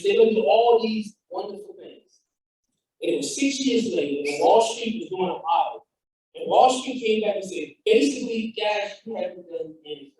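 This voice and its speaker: A man's voice: high-pitched, darkish tone, recorded from a distance. A man giving a fired-up motivational talk as a founder, telling a story with quoted dialogue. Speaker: founder and speaker. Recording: echoey hall, speaker off-mic.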